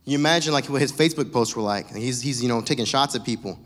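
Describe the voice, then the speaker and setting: A man's voice: medium pitch, fast talker, few pauses. Joking male preacher in an echoey hall. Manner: casual, joking, animated storytelling. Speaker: pastor. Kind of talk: sermon.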